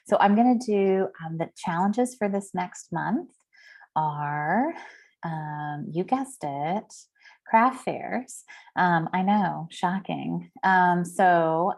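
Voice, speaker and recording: A woman's voice: on the low side, darkish tone. A woman hosting a team meeting over a video call, talking casually in a chatty, rambling way with lots of fillers. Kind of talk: casual chat.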